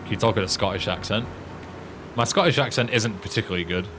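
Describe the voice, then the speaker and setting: English male streamer, low voice, laid-back, sweary, self-deprecating, faint hum behind him. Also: fast talker. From England. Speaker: game streamer. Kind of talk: casual gaming commentary.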